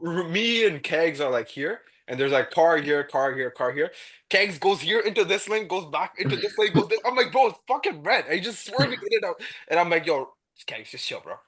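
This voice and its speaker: A young man with a beard telling stories in a casual podcast chat, excitable, swearing and acting out quoted lines. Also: high voice, fairly quick. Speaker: podcast guest.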